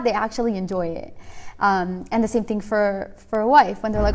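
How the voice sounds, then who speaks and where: Brisk and mid-range, a young adult woman chats her way through teaching a women's class. Fillers such as "like" and "you know" pile up, and she keeps acting out short conversations.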